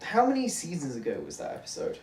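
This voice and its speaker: A man's voice: a little high, huge pitch swings, fast talker, darkish tone. A young man with an East Midlands accent, co-hosting a casual reaction chat with a jokey, self-deprecating manner. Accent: East Midlands English. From England, near Nottingham. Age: young adult. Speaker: co-host of a reaction show. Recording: roomy, distant, faint background noise.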